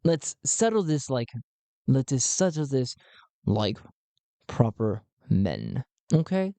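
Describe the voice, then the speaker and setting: A man voicing a polite, diplomatic mediator who speaks formally and tries to calm two rivals. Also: mid-range voice, slow, creaky, no echo, full character voice. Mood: placating. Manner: courteous and placating, formal speech.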